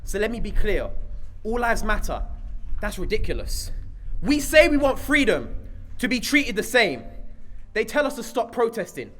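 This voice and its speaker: A man's voice: high-pitched, big pitch swings, normal speed, a bit bright. A man reciting a spoken-word poem at an outdoor protest rally, with a rhythmic, emphatic, rhyming delivery. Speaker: protest speaker.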